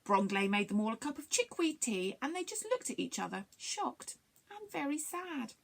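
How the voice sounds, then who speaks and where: A woman reading a children's storybook aloud for a library story time, expressive and animated. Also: medium pitch, brisk, gravelly.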